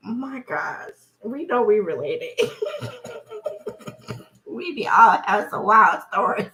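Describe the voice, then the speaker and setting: A woman giving casual reaction commentary who laughs constantly and exclaims loudly. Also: fairly high pitch, big pitch swings, takes it slowly, long pauses. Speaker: reaction video host.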